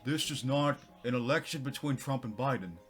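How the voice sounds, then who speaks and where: A man's voice: medium pitch, normal speed, fairly bright tone, faint music behind, lightly acted. A man mimicking a declaiming elderly politician. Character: elderly male politician, impression, reading a statement.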